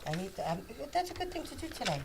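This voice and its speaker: A woman's voice: mid-range voice, big pitch swings, quick pace, noisy background. Blunt woman on a live stream. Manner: blunt, swears, teases back. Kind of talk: casual chat.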